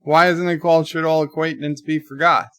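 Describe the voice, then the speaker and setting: A man's voice: on the high side, steady tone, a little fast, fairly bright tone, smooth, no room sound, studio quality. Man reading chat on a livestream. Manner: reads chat messages aloud and answers them. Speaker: livestream host. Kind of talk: casual livestream chat, reading viewer comments aloud.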